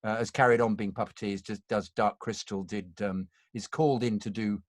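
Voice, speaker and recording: A man's voice: fairly low pitch, fairly even intonation, normal speed, no echo, clean studio sound. Rambling older man telling stories. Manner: rambling, with many restarts and self-corrections. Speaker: actor, interview guest. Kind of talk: casual anecdotal chat.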